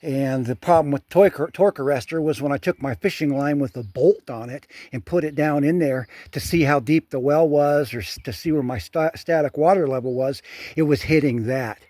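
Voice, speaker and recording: A man's voice: fairly high pitch, normal speed, darkish tone, no room sound. An older man narrating his own hands-on work in a casual, plainspoken way, breathing hard as he talks. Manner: plainspoken, thinking aloud while working. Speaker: handyman vlogger. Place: outdoors at a well.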